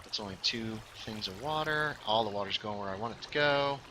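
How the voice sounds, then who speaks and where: Man, stream host, very bright tone, jokey, light background hiss. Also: on the low side, a little fast. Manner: jokey, chatty, reads chat aloud. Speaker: livestream host. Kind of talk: casual gaming stream chat.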